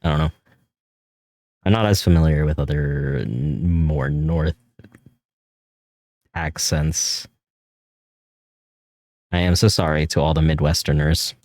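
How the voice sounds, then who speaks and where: A man with a neutral American accent, streaming and chatting casually while drawing, rambling and swearing, laughing often and jumping up in pitch when he jokes. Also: steady tone, slow, long pauses, darkish tone, no echo, studio quality. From California. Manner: rambling, loose, swears often, laughs a lot, voice jumps high when joking.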